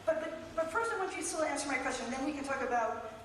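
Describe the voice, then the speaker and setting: A high-pitched woman scientist confronts a speaker, insisting on her point and then explaining her research at length. She is picked up from a distance in a large lecture hall with a long, echoing reverb and faint room ambience. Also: lively intonation, quick pace, a bit bright, a little hiss or hum. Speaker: postdoctoral fellow in biology asking a question. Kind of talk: live audience question at a debate. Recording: echoey lecture hall from far off.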